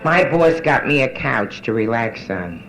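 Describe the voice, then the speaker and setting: A woman's voice: extremely low pitch, animated, measured pace, music in the background, low-quality recording. A middle-aged woman doing bawdy live stand-up in a nightclub, brassy and boozy, teasing the audience between jokes. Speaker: nightclub comedian. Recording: vintage live club record with band. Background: live band.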